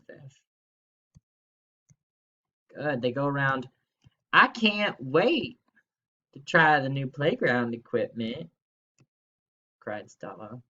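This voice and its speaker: A man's voice: mid-range voice, sharp tone, muffled recording. Upbeat man teaching third grade online. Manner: upbeat, playful, exclamatory. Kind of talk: recorded remote grammar lesson.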